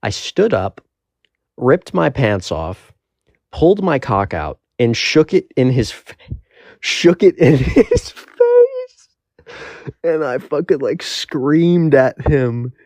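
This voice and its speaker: A man's voice: mid-range voice, lively intonation, takes it slowly, darkish tone, no echo. A young man telling a rambling, profane story in a casual storytime monologue.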